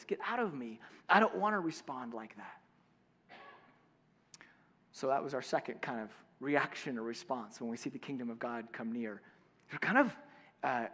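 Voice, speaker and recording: A man preaching a sermon in a relaxed, conversational way, full of fillers and restarts. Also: fairly high pitch, long reverb tail. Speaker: pastor.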